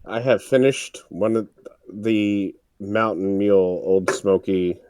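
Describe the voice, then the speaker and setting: A laid-back man makes deadpan remarks about a movie in a lowish voice, taking his time. The sound is dry and close. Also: slow, clear, resonant tone, no echo. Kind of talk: riffing movie commentary.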